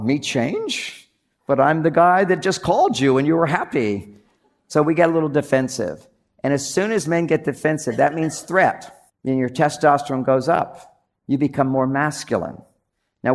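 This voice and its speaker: An older man with a gravelly voice gives a lively comic talk about relationships. He acts out the quotes in his stories for a live audience. The pitch sits in an everyday middle range. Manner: animated storytelling, acts out quotes, audience laughter. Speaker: relationship author giving a talk. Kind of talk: comedic stage talk.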